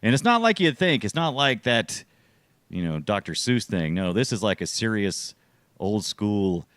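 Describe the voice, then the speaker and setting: Low-voiced guy co-hosting a podcast, jokey and lively, dry close sound. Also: moderate pace, no echo. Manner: animated, jokey, theatrical outbursts. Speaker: co-host. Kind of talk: casual podcast chat.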